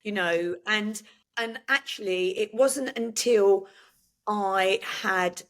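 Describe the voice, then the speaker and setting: An older woman, a podcast guest, telling her story haltingly with many restarts and fillers. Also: mid-range voice, fairly bright tone. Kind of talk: emotional personal conversation.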